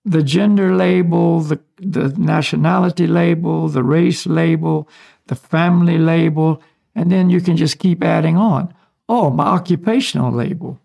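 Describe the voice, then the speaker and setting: Man, high voice, very gravelly, husky, relaxed spiritual teacher chatting. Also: moderate pace. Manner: relaxed, explanatory, chuckles between points. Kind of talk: casual conversational teaching.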